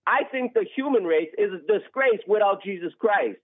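A high-voiced man preaching and arguing as a caller, agitated and quick to talk over the other person. His voice comes through a thin, tinny phone line that sounds dry and close. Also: animated, no room sound. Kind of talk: heated religious argument on a call-in show.

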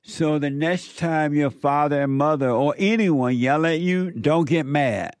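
High-ish voiced guy hosting a call-in show, slow and emphatic, says things twice, dry close mic. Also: no room sound. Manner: slow, emphatic, repeats his points. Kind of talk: advice talk with a caller.

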